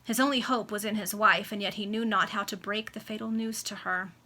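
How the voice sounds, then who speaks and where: A woman reading a classic novel aloud in a measured, expressive way, in an amateur reading over a video call. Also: medium pitch. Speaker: reader. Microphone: home webcam video call.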